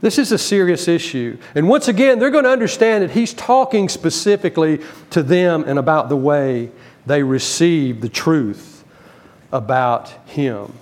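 A man preaching a Bible teaching sermon, emphatic, rising to stress key words and dropping low between them. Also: animated, normal speed.

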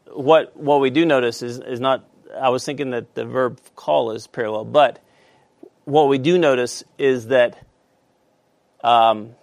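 A man teaching a Bible study class, halting with many fillers and asking the class questions. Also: medium pitch, creaky, no room sound.

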